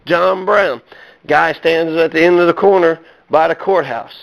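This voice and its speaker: A man's voice: on the high side, fairly even intonation, unhurried, creaky, muffled recording. A man delivering a personal rant to his viewers, blunt and profane, stumbling over fillers and restarts as he works himself up. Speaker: vlogger.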